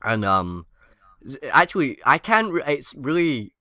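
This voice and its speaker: A man's voice: medium pitch, sing-song, measured pace, bright, forceful tone, dry recording, clean studio sound. A man co-hosting a podcast, rambling and giggly, stumbling over his words in casual chat. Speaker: podcast co-host.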